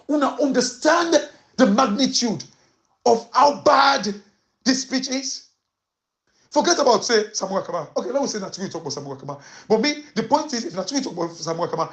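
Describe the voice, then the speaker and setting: Impassioned Sierra Leonean woman commentator. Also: fairly high pitch. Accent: Sierra Leonean Krio. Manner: emphatic, rhetorical questions, switching between Krio and English. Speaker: political commentator.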